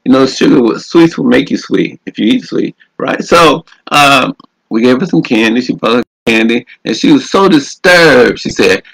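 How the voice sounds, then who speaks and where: Gravelly man preaching with fervor. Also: medium pitch, moderate pace, a bit bright, low-quality recording. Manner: exhorting, repeats phrases, calls out "glory to God". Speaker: radio host and minister. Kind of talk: preaching with a personal story.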